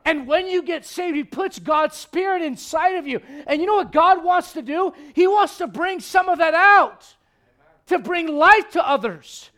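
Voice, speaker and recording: A man preaching a sermon as a pastor, swinging from loud emphatic lines to hushed ones, with joking asides. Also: very high-pitched, lively intonation, a little slow.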